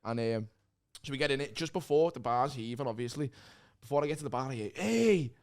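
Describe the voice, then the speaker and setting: A man's voice: medium pitch, lively intonation, fast talker. A man with a Liverpool accent, a guest comedian telling stories in casual chat, laughing and swearing as he goes.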